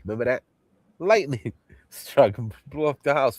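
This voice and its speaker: Lively, laughing man hosting a livestream. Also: mid-range voice, moderate pace, no echo. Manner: animated, laughs often, swears freely; acts out quoted movie lines. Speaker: livestream host. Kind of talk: casual chat.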